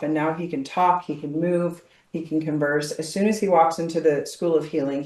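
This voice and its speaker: A woman tapping coach, calmly directing and leading a guided visualization. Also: low voice. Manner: calm, directive, guiding visualization. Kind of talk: guided healing session. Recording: roomy echo, distant from mic.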